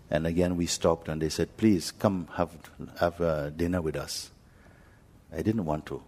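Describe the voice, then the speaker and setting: Spiritual teacher, male, telling a story to a gathering; very low, husky voice, gentle and unhurried. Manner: gentle, unhurried, pausing often. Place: talk hall in India.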